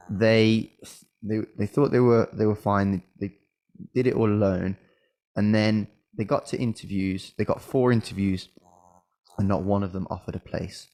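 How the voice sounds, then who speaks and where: Low gravelly man coaching. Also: darkish tone. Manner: conversational, hesitant with restarts and fillers. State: coughing, slightly unwell. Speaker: medical school admissions coach. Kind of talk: casual advice talk.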